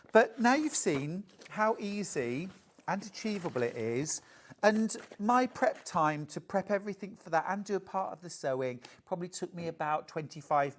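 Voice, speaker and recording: A woman presenting a live sewing sales show, chatty and bubbly, reading out viewer messages between product pitches. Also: a little hiss or hum. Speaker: shopping channel presenter. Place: TV studio.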